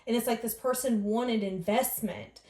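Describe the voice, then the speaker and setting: A woman's voice: fairly high pitch, moderate pace, a little mellow, roomy sound. Earnest woman giving a tarot reading. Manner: earnest, channels others' words in first person. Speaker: tarot reader. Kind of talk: emotional tarot reading monologue.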